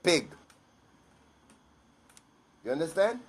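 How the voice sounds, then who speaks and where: A man's voice: fairly high pitch, very animated, drawn-out words, breathy edge. Blunt, repetitive man speaking his mind. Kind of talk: unscripted personal monologue.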